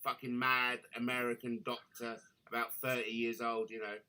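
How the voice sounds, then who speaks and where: A man telling a crude, animated story in casual chat, swearing freely. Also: medium pitch, normal speed. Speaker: guest storyteller.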